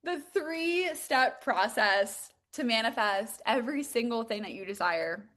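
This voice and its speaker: A young woman coaching on a live stream, bubbly and excitable, peppering her talk with "like.". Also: a little high, a little slow. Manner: bubbly and excitable, heavy use of "like". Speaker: manifestation and mindset coach.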